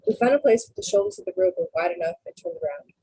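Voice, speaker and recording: Husky, gravelly woman reading a novel aloud. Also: lowish voice, expressive, very fast, dark tone, poor audio. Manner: unpolished reading with slips and self-corrections. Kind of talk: casual read-aloud narration.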